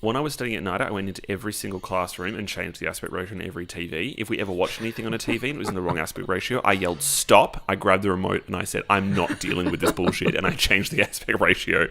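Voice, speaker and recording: A man co-hosting a casual film podcast, talking in an animated, emphatic way and swearing freely. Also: low voice, rapid-fire, creaky, hardly any pauses. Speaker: podcast co-host.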